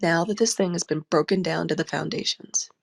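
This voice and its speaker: A woman's voice: fairly low pitch, fairly quick, creaky. A woman hosting a live tarot journaling session, chatty and laughing often as she talks to her listeners. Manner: warm, chatty and laughing often, says y'all. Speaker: tarot reader and host.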